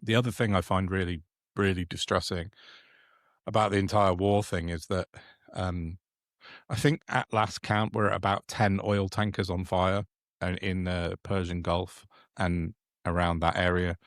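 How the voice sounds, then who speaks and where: A man with a deep, low voice co-hosts a casual podcast. He rambles and restarts his sentences, sounding indignant about the news. The sound is dry and close. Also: level tone, unhurried, no room sound. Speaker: podcast co-host. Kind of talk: casual political chat.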